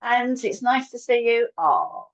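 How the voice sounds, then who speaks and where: Chatty woman cohost saying hello to viewers, lively voice, lo-fi sound. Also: a little high, unhurried. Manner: chatty, greets viewers warmly by name. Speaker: co-host and medium of a live psychic show. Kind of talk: casual morning-show chat. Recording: dull lo-fi sound.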